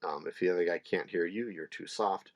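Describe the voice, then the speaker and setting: A middle-aged man teaching ukulele in a relaxed, chatty way, with fillers and small laughs. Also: low-pitched, a little fast. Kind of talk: casual instructional talk. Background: ukulele playing between phrases.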